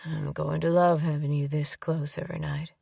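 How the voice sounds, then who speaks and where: A woman narrator voicing a tender male ex-soldier rancher, talking in a slow, low drawl. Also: little pitch movement, vocal fry, dark tone, no echo, clean studio sound, recorded from a distance, exaggerated voice.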